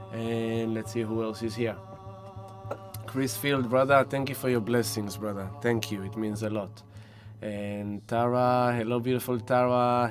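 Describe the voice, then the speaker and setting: A man hosting a spiritual live stream, greeting viewers one by one with effusive, gentle warmth. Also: medium pitch. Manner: warm effusive greetings, slow and soft-spoken. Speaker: spiritual livestream host.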